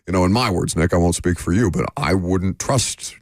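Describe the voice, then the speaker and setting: A sports radio host with a very low voice, voicing opinions frankly and stumbling through restarts as he thinks aloud. The sound is close and dry, straight into a studio mic. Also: normal speed, no room sound. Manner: opinionated, with frequent fillers and restarts.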